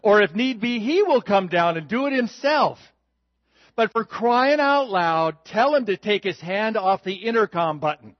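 A man's voice: high voice, animated, a little slow, dry recording, muffled recording, pitched above the performer's own voice. A man voicing a sleepy, blunt younger sister who speaks in an exasperated way.

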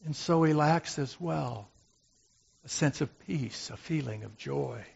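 A man playing a gentle, humble brother of Moses in a slow, musing dramatic monologue. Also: fairly high pitch, creaky, slightly rough, lo-fi sound, full character voice. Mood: reflective. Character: gentle brother of Moses, who made the golden calf, humble and reflective.

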